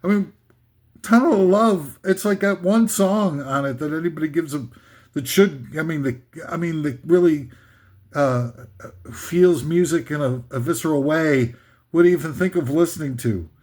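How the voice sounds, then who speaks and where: Male comic ranter, sarcastic and rambling, voice sitting a little high. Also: normal speed, darkish tone. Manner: scornful, rambling, sarcastic, with mock singing bits. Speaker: comedic ranter. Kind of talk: comedic rant.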